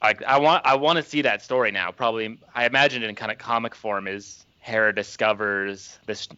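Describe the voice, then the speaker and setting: Man, podcast co-host, bright and forceful tone, eager, dry lo-fi sound. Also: on the low side, steady tone, a little fast, smooth, dry recording. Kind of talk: casual chat.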